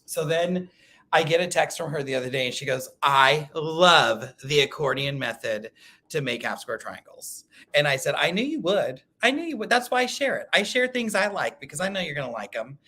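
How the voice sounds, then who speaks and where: Bright-voiced chatty male quilting host. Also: on the high side, moderate pace. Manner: chatty, animated storytelling, laughs often, reads live comments. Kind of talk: casual livestream chat.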